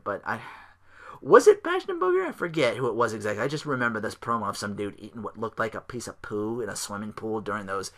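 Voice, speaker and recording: A man alone at the mic running his own podcast, with a bright, forceful edge in his voice. He rambles through a recap full of fillers and restarts. His tone stays sarcastic and profane, with mocking put-on voices and tired sighs. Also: mid-range voice. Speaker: podcast host.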